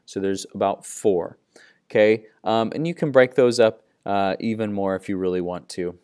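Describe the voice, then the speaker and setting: Young male teacher, low and smooth, relaxed upbeat classroom delivery. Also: moderate pace. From Midwestern United States. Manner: friendly, upbeat, loose and conversational with many fillers. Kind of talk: classroom lecture.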